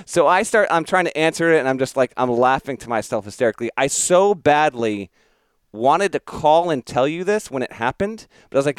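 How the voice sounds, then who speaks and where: A man's voice: mid-range voice, expressive, a little fast, clear, resonant tone, no echo. A man co-hosting a podcast, telling a story about himself in casual chat, self-mocking and laughing at his own antics. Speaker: podcast co-host.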